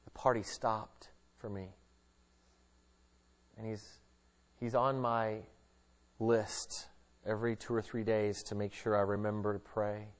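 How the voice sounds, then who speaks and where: A middle-aged man preaching in an easygoing, conversational way, dropping in asides and jokes. He swings between lively, emphatic stretches and quiet, earnest ones, talking straight to the congregation. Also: on the low side, takes it slowly, long pauses. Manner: casual and joking, shifting between lively emphasis and hushed earnestness. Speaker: pastor. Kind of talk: conversational sermon.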